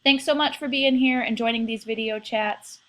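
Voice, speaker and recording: A woman's voice: fairly high pitch, steady tone, moderate pace, fairly bright tone. A woman teaching French to her class in a recorded video lesson, spelling out verb forms in an encouraging, playful way.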